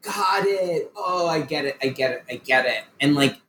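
A man co-hosting a podcast in casual chat, animated and swearing freely. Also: medium pitch, brisk. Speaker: podcast co-host. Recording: roomy with faint noise.

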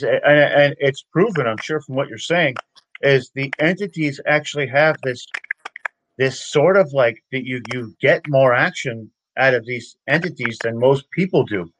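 A man's voice: mid-range voice, measured pace, a bit bright, slight background noise, rough recording. A man hosting an interview, asking loose, rambling questions. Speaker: podcast host. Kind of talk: casual interview.

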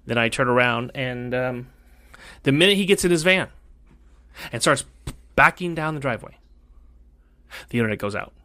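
A man hosting a casual podcast, telling a long story in an animated, rambling way with many self-corrections. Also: mid-range voice, moderate pace, long pauses, no echo. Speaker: podcast host.

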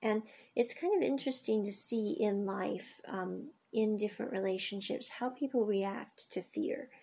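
A woman with a gravelly, husky voice talks casually through scenes from a drama series. Her tone stays mellow and dark as she retells what the characters say, with plenty of fillers along the way. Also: mid-range voice, a little slow. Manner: chatty, retells scenes with quoted lines, frequent fillers. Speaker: series reviewer.

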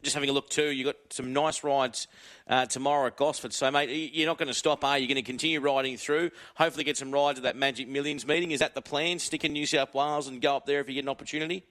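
A man's voice: mid-range voice, steady tone, fast talker, a bit bright. A man with an Australian accent hosting a racing radio show, chatty and matey in a casual interview. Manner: matey and chatty, says "mate" often.

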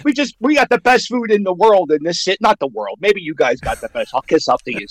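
A man's voice: high-pitched, big pitch swings, fast talker, dry recording, rough recording. A man calling in to a radio show as a sports fan, trading brash, boastful trash talk. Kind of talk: radio call-in banter.

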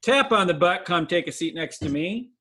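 A man's voice: high voice, lively intonation, moderate pace, pushed and bright. A man hosting a podcast, asking laid-back questions and calling out segments. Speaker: podcast host. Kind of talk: casual chat.

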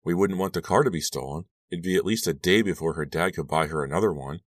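A man's voice: deep voice, fast, dry recording, studio quality. A man voicing a bitter, sarcastic teenage girl in an audiobook.

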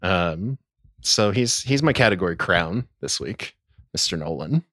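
A man co-hosting a podcast in casual chat, telling his points in an animated, rambling way. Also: sits low, unhurried, no room sound, clean studio sound. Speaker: podcast co-host.

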